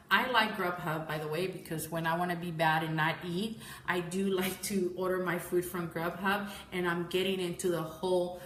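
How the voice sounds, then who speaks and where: A woman's voice: fairly low pitch, fairly even intonation, normal speed, a bit bright, reverberant, a little hiss or hum. A woman giving a casual live-streamed talk on marketing, rambling and correcting herself often, sounding tired and calling her viewers "guys.".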